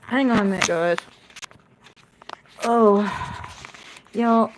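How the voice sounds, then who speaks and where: A woman's voice: a little high, takes it slowly, slight background noise. Woman, casual livestream chat, phone mic, at home, scolds her dog between remarks. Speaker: puzzle live streamer.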